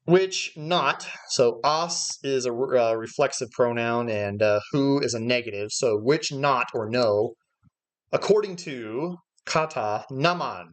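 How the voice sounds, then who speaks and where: A man's voice: medium pitch, slow. A man leading a livestreamed Bible study lesson, explaining Greek words step by step and thinking aloud with frequent "uh" fillers. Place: church livestream.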